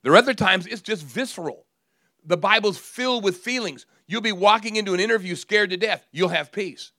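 A middle-aged male pastor preaching a sermon, swinging from hushed, drawn-out phrases to loud, emphatic declarations. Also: high-pitched, dry recording, clean studio sound.

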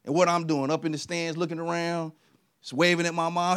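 A middle-aged American man preaching a lively sermon, telling personal stories and swinging between loud punches and quiet asides. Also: on the high side, fairly quick, clear, resonant tone. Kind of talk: energetic sermon.

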